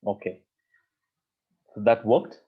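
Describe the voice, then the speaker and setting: A man's voice: fairly low pitch, slow pace, breathy edge. A man teaches a live online coding lesson, explaining patiently step by step and often repeating himself. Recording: tinny phone-like audio.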